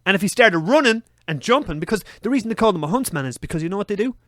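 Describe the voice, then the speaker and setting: A young man telling a story on a podcast, swearing freely and acting out his own frantic shouts. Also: high-pitched, lively intonation, rapid-fire, dry recording, clean studio sound. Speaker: podcast co-host. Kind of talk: casual storytelling chat.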